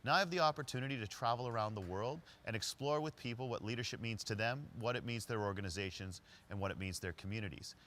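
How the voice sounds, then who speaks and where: A man giving a storytelling talk as a leadership speaker, narrating conversationally and quickly. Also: fairly low pitch, slight background noise. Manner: conversational, quick narration with lively quoted voices.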